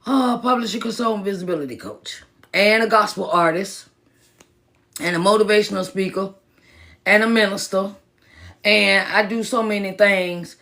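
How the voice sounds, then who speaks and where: A woman's voice: medium pitch, moderate pace, gravelly, fairly bright tone. A woman who is a motivational speaker and minister, talking casually on a phone live stream, repeating herself for emphasis and greeting viewers by name. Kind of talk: live-stream pep talk.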